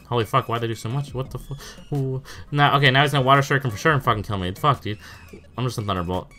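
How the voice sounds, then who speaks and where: A man's voice: medium pitch, fast, bright, forceful tone, a little hiss or hum. Young man cursing through his gameplay. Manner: swears often, stammers in bursts, exclaims in disbelief. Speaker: gaming YouTuber. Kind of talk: casual live commentary over gameplay.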